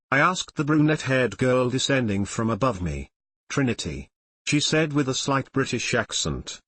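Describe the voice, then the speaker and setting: A man's voice: medium pitch, a bit bright, no room sound. A man reading a fan fiction story aloud, giving the dialogue light voices. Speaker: reader.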